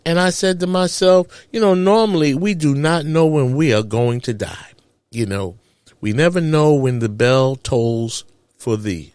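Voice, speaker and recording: A man hosting a podcast, telling a personal story in a dramatic, animated way. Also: unhurried, clean tone, no echo. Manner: dramatic, animated retelling with big pitch jumps. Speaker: podcast host. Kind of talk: storytelling monologue.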